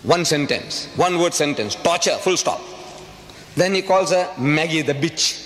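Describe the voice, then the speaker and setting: Speaking unhurriedly in a fairly high, rather bright voice, this South African man gives a public lecture full of emphasis and repeated rhetorical questions. Faint ambient noise carries through the echoing hall.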